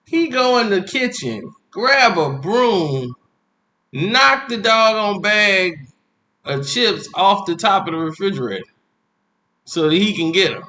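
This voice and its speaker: A man spinning a comic personal story with an animated, bright delivery. His pitch sits high and swings widely as he acts out each moment. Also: slow pace. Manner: animated, acts out the scene, laughs while telling.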